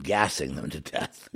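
A man giving a ranting monologue, preachy and emphatic, rambling with many restarts and fillers. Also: on the low side.

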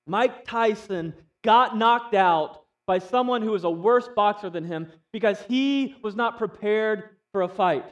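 A man's voice: very high-pitched, distant mic. A man preaches a sermon in an easy, conversational manner. He turns to his listeners with frequent questions. His tone stays plain and direct. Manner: conversational, asks the audience questions. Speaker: pastor.

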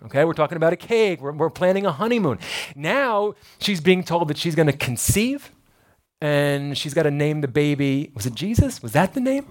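Male pastor, animated conversational sermon, slightly higher voice.

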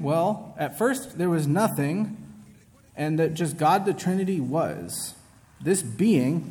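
A man's voice: mid-range voice, darkish tone. A male preacher giving a conversational sermon to a congregation, often checking in with "right?" and breaking off mid-thought. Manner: casual, asks "right?" often, self-interrupting. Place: large hall with a congregation. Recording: long hall reverb.

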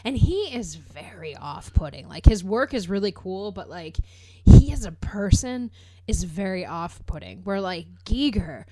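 A woman co-hosting a podcast in casual chat, relaxed and using lots of fillers. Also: medium pitch, measured pace, no room sound. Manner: relaxed, filler-heavy, laughs along. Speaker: podcast co-host.

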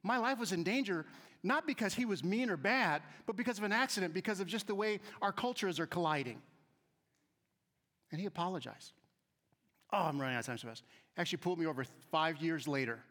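A man tells stories to a live audience in a very high, bright voice, acting out the people he quotes. He drops to quiet asides, then punches key lines loudly. The sound carries a long reverb from a large hall. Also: brisk. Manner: animated, acts out quoted voices, shifts between soft asides and loud emphasis. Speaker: speaker giving a talk to an audience. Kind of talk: storytelling talk with humor.

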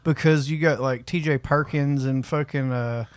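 A man's voice: medium pitch, steady tone, normal speed, dry recording. A man co-hosting a casual podcast chat, rambling and swearing freely. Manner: profane, rambling, laughs often. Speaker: podcast co-host.

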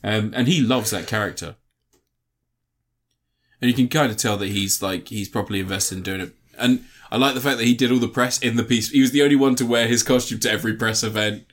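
A man's voice: medium pitch, brisk. A man co-hosting a casual podcast chat, laughing often, swearing freely and trailing off mid-sentence. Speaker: podcast co-host.

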